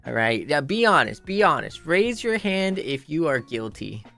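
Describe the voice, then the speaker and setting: A man's voice: on the high side, big pitch swings, normal speed, gravelly, bright, forceful tone, soft background music. A man chatting casually on his livestream in a playful, rambling way, full of "like" and repeated phrases.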